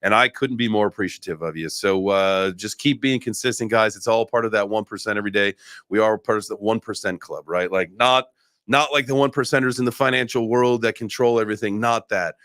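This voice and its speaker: Clean studio sound with no echo carries this man's lowish, fairly bright voice at a fairly quick clip. Hosting a laid-back crypto livestream, he rambles loosely, restarts often, and lets the odd swear word slip.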